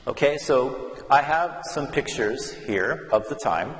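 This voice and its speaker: A man's voice: mid-range voice, animated, slow, fairly bright tone. A man teaching English numbers, speaking patiently and drilling words for listeners to repeat in a classroom. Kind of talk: slow classroom explanation. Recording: echoey room with long reverb and faint hum.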